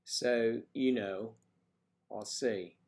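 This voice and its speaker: A man's voice: mid-range voice, steady tone, very slow, darkish tone. A man hosting a casual livestream, rambling and chatting with viewers by name as he reads the chat. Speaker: livestream host reading chat.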